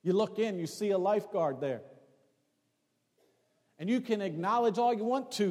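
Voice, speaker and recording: A male pastor delivers a sermon in a high voice, pressing points with rising emphasis and then falling to quiet storytelling. His words ring out with a long reverb in a church sanctuary. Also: normal speed, long pauses. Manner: preaching with rising emphasis, drops to hushed tones for stories.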